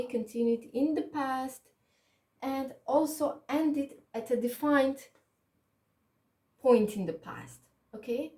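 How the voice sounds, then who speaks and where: Slow, patient woman teaching grammar. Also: a little high, warm tone. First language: Macedonian. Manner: slow, patient, repeats "okay?" to check understanding; non-native English with small grammar slips. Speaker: English teacher. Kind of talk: online grammar lesson. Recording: echoey room, mic at a distance.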